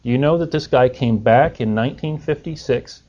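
A man's voice: medium pitch, normal speed, darkish tone. A man preaching a sermon in a conversational way, putting rhetorical questions to his listeners. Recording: dull lo-fi recording.

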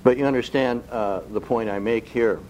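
A man preaching a sermon who keeps asking the congregation rhetorical questions and slows down to stress key phrases. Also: medium pitch, steady tone, a little mellow, a little hiss or hum, low-quality recording. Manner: slow, deliberate emphasis on key phrases.

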